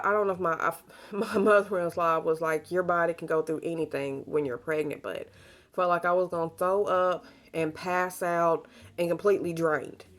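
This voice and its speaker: Young adult woman, lower register, casual and talkative vlog delivery. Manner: chatty, warm storytelling with Southern US slang. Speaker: pregnant vlogger. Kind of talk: casual chat to camera.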